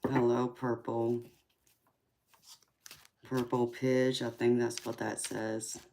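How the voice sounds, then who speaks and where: A woman in her forties with a Southern Georgia drawl, reading tarot cards on a live stream. Her voice sits extremely low and she talks slowly and affectionately, calling viewers sweetheart and pausing on drawn-out ums. A faint hiss sits under the recording. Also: flat delivery, a little mellow. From California. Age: 40s. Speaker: tarot reader hosting a live chat.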